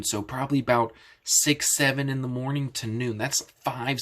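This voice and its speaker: A man at an average pitch retells a Bible story as a lesson. He explains things plainly and often restarts his sentences. His delivery is relaxed and conversational. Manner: casual and explanatory, with many restarts. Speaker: Bible teacher.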